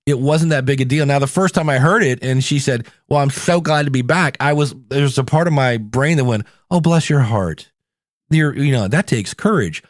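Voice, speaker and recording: A middle-aged man from the United States hosting a solo podcast, talking in a chatty, conversational way with animated asides. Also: mid-range voice, moderate pace, no echo, studio quality. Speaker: podcast host.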